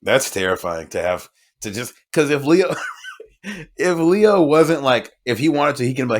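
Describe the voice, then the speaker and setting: A man's voice: medium pitch, expressive, a little fast. A man co-hosting a podcast, talking loosely and jokingly in casual chat. He often jumps into other people's voices to act out quotes, then drops back into his easy conversational tone. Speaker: podcast co-host.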